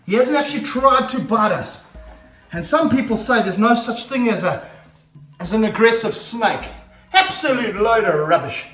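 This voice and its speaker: A middle-aged man talking to camera as he handles a snake, energetic and out of breath, stopping to coax it. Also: high-pitched, moderate pace. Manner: energetic, breathless, coaxing the snake between explanations. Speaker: snake handler and vlog host. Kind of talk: casual talk to camera while handling a snake. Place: echoey room with slippery floors, indoors. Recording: roomy echo, voice a bit far from the mic, faint music.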